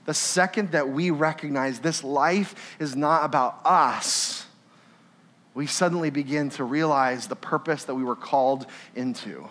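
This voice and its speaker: A man's voice: a little high, unhurried. A young man preaching a sermon in a conversational way, often asking "right?" and acting out little scenes. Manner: animated and conversational, with laughs and tag questions. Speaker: pastor.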